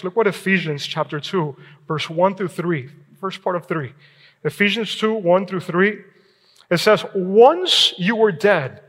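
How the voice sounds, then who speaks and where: Male pastor, high voice, sermon in a church with long reverb, conversational check-ins. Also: fairly bright tone. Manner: preaching with frequent "all right?" check-ins and short laughs. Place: church sanctuary.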